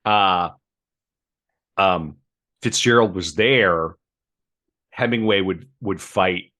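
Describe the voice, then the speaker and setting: Low-voiced man reading aloud. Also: pushed and bright. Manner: measured reading, breaking into chatty asides. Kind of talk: reading book passages aloud on a podcast.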